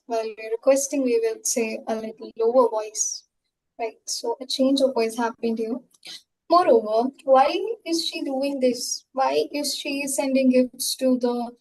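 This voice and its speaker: A woman's voice: high voice, mellow, a little hiss or hum, poor audio. Woman teaching over a video call. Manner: explains patiently, full of fillers like "um" and "like". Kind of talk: online class explanation.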